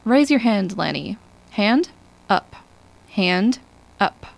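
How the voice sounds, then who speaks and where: A woman's voice: mid-range voice, animated, slow pace, gravelly, full character voice. A woman voicing a stern, precise robot psychologist who speaks in a cold, clipped way in an audiobook. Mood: patient.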